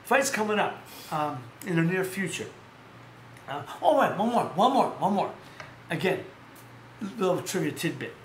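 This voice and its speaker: A man's voice: sits high, normal speed. A man hosting a casual live stream, telling rambling stories and often correcting himself. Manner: rambling, animated storytelling with self-corrections. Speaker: host. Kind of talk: casual live-stream chat about boxing. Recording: echoey room with faint background noise.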